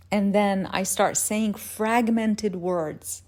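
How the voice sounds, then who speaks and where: Woman, first-person storyteller, slow unhurried delivery, middle pitch, acts out her own lines. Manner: acts out her own confused and excited lines in a higher, louder voice; unhurried, measured narration. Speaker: podcast host telling her own story.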